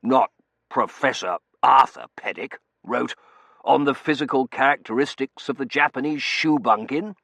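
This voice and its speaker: A man voicing a gruff, blustering older Victorian colonel with a contemptuous edge. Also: mid-range voice, normal speed, pushed and bright, no echo, pitched above the performer's own voice. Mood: delighted.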